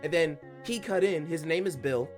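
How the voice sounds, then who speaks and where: A man streamer telling a story animatedly to his audience, excitable and quick to burst into laughing outbursts, repeating lines for emphasis. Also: fairly high pitch, soft background music.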